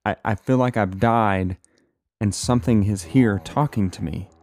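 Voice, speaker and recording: A man telling a personal story of a frightening vision, halting and repeating words as he goes. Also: lowish voice, a little mellow, no room sound, clean studio sound.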